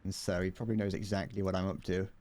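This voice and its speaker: A man's voice: deep voice, flat delivery, quick pace, darkish tone. A man with a British accent chatting casually while streaming a game, rambling, restarting his sentences and chuckling often. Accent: British English.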